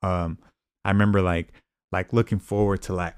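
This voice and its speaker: A man's voice: sits low, level tone, moderate pace, smooth, dry recording, clean studio sound. A man talking casually and rambling, with many fillers and repeated "I remember". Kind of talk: casual podcast chat.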